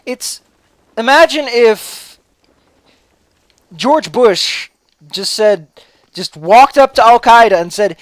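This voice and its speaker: A man's voice: extremely high pitch, lively intonation, slow pace, long pauses, no room sound. A man giving casual gameplay commentary, launching into a mock-angry, swear-heavy rant and then sheepishly apologizing. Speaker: let's play commentator.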